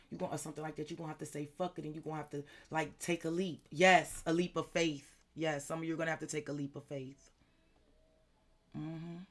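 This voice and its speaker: A woman with a fairly low voice gives a live tarot reading, speaking emphatically and repeating herself directly to viewers. She swears often and greets chat participants by name, with a faint hiss or hum in the recording.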